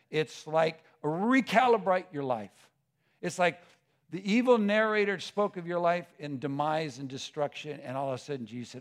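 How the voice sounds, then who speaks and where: A man preaching a sermon with passion, dropping to a hush and rising to a shout, with frequent stammers and restarts. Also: a little high, animated, moderate pace. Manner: impassioned, swings from hushed to shouting.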